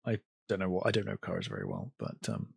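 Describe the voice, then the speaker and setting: A man's voice: sits low, very animated, quick pace, vocal fry, darkish tone, slightly rough, no room sound, clean studio sound. A man co-hosting a film podcast, casually retelling scenes with lots of fillers. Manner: retells scenes with acted quotes, many fillers. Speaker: podcast co-host.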